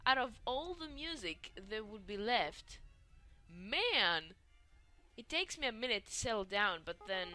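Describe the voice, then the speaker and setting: A woman's voice: medium pitch, normal speed, soft background music. Giggly young woman reading a game. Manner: giggly, animated reactions. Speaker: gaming video host. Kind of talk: reading a story game aloud with reactions.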